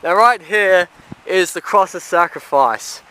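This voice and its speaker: A man gives a walking-tour commentary outdoors at a cemetery. He talks very slowly in a fairly high, crisp voice, pausing and filling gaps as he reads one inscription after another. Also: pushed and bright. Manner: reads out grave inscriptions haltingly, with many pauses and fillers. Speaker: travel vlogger.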